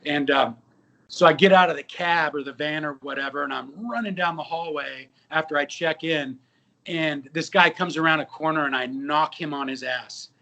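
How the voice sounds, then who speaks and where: Guest: 50s male actor, slightly higher voice, animated storyteller who acts out quotes. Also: moderate pace, gravelly. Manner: lively anecdotes with quoted dialogue. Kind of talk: casual interview storytelling.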